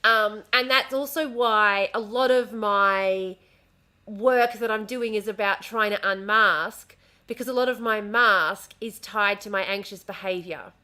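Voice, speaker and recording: A woman's voice: mid-range voice, measured pace, pushed and bright. A woman with an Australian accent, chatting casually on a home stream and swearing freely as she talks with a smile. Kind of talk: casual livestream chat. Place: home room. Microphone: desk mic at home.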